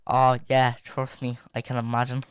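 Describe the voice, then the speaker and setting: A young man hosting a casual podcast, reading stories aloud and drifting into rambling asides full of fillers and restarts. His voice is smooth and clear. The sound is dry and close, with no room echo. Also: medium pitch, completely flat delivery, moderate pace.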